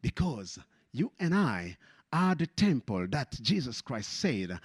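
A man preaching a passionate sermon in English, which is not his first language, repeating phrases and rising to shouts of praise. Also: mid-range voice, very animated, takes it slowly, slightly rough, no echo.

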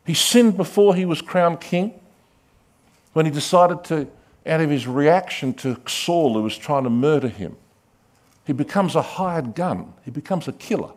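A man preaches a sermon in a fairly high voice, full of drama. He rises to loud, ringing calls, then drops to hushed asides. He acts out the people in his stories as he goes. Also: animated, a little slow. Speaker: pastor.

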